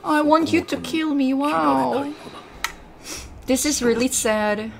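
A woman streamer giving loud, frantic gameplay commentary, yelling and swearing as she plays. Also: sits high, takes it slowly, gravelly, crowd noise. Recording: game music behind the voice.

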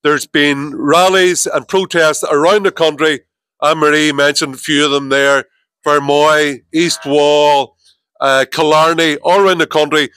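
A man's voice: on the high side, steady tone, measured pace, a bit bright, clear, resonant tone, no room sound. A man with a northern Irish twang chairing a rally, introducing speakers and making a firm, declamatory speech.

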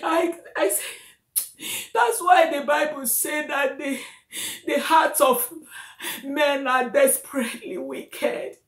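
A woman's voice: high-pitched, takes it slowly, reverberant. A woman crying as she talks to her viewers, wailing and repeating exclamations. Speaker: video blogger. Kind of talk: emotional lament to camera.

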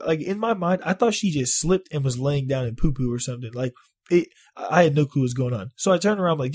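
Husky, animated man telling a story. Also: fairly high pitch, fast. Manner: animated, swears a lot, exaggerates. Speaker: vlogger. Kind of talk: casual profane storytelling.

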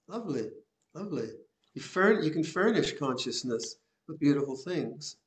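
Gentle older monk giving a Dhamma talk. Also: male voice, on the high side, very animated, moderate pace. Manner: gentle, reflective, with soft laughs and repeated phrases. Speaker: Buddhist monk teacher. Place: monastery hall.

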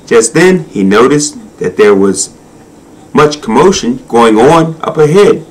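A man reading a children's storybook aloud in a slow, expressive, sing-song manner. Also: mid-range voice, rough recording. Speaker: narrator.

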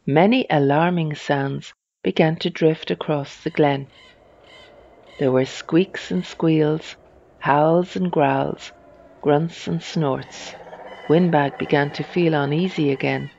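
A reader telling a children's storybook in a slow, even storytelling manner. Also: medium pitch, creaky, muffled recording.

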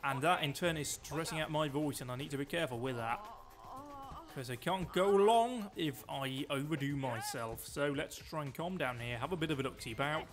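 A man giving excitable, chatty live commentary while he plays a game, joking to himself as he goes. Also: fairly high pitch, moderate pace, over music. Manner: excitable, talks loud, quips at himself. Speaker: streamer.

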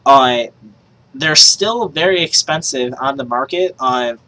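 A woman doing casual gaming commentary who swears a lot and breaks into excited shrieks and yells. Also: rumbling low, unhurried, rough recording. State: yelling in excitement. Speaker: gaming streamer.

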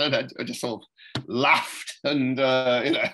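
Bright-voiced middle-aged man telling stories. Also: medium pitch, takes it slowly, poor audio. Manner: rambling, many restarts and "you know"s, chuckles. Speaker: political journalist, podcast guest. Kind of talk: anecdotal interview chat.

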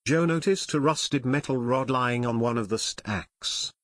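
A man narrating an adventure audiobook in a steady, measured way. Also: mid-range voice, no room sound. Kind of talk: scripted narration.

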